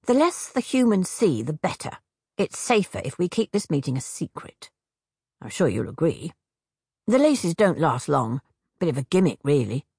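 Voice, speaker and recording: A woman voicing an odd, talkative female hag from a storybook, rattling off brisk asides, with a gravelly, husky voice. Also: deep voice, a little mellow, no echo, clean studio sound, exaggerated voice.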